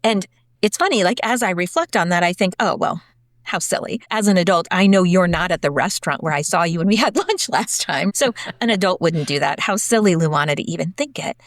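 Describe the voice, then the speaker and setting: A woman's voice: fairly low pitch, brisk, no echo, clean studio sound. Chatty woman guest telling a story. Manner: chatty, animated, lots of "like" and "sort of". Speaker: podcast guest, HR executive. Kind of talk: conversational storytelling.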